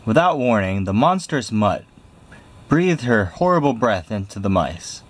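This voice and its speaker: A man reading a picture book aloud in a lively, expressive way. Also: on the low side, unhurried. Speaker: storybook reader.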